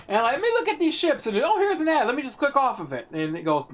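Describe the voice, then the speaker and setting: A woman's voice: high voice, big pitch swings, fast talker, hardly any pauses, a little hiss or hum. A woman streamer narrating a game casually, reading its text aloud with muttered asides.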